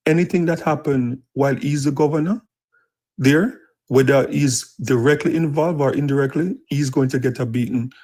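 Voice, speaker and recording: A man's voice: medium pitch, a little mellow, poor audio. Jamaican man on a news panel, earnest, mid voice. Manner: earnest, explains and restates his point. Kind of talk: live podcast panel discussion.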